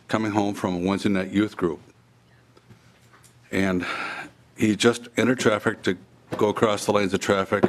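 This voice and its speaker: A middle-aged man, a bereaved father, giving measured, halting testimony at a legislative hearing. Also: on the low side. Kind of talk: formal testimony.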